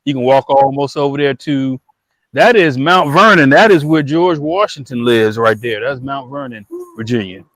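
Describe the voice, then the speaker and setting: A man's voice: mid-range voice, normal speed, a bit bright, no echo, low-quality recording. A man on a fishing livestream, chatting casually and rambling about bank fishing, with plenty of fillers and restarts. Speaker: guest angler on a livestream. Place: riverbank outdoors.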